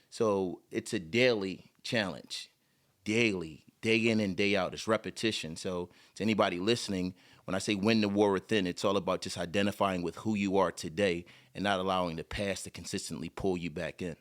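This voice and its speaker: A man co-hosting a podcast, speaking in a reflective, measured, motivational way. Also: low voice, fairly even intonation. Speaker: podcast co-host. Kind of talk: motivational talk.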